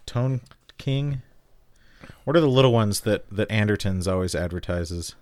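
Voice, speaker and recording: Joking podcast co-host, low dry voice. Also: male voice, animated, a little mellow, dry recording. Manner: joking, quick banter. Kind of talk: casual chat.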